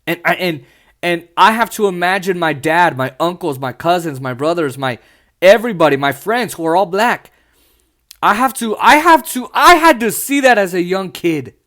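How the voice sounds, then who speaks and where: A man with a high-pitched voice hosts his own podcast, speaking with raw passion and blunt frankness. He slips into mocking asides now and then, in a loose, unscripted commentary. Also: animated, normal speed, a bit bright. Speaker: podcast host.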